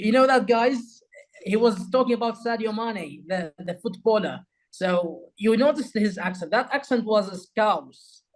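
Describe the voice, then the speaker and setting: A man's voice: sits high, poor audio. A man whose first language is Arabic, hosting a talk and explaining English accents, often addressing viewers as "guys" and repeating phrases. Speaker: host.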